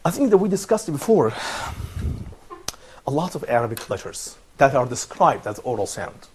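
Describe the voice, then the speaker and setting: A man's voice: mid-range voice, big pitch swings, normal speed, a little hiss or hum. A man teaching an online Arabic lesson, patient and encouraging, repeating words and praising his students.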